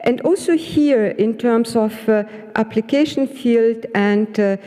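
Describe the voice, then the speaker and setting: Mellow-voiced woman reporting at a conference. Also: fairly high pitch, unhurried. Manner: hesitant, many filler sounds. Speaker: head of a research unit reporting a panel. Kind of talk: conference summary speech. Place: large conference hall. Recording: echoey conference hall.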